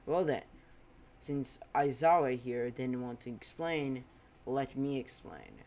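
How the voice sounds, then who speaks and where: A man voicing a brooding, smug teenage vigilante in a bat suit, speaking loud, slow and menacing. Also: mid-range voice, big pitch swings, gravelly, heavily acted. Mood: grim.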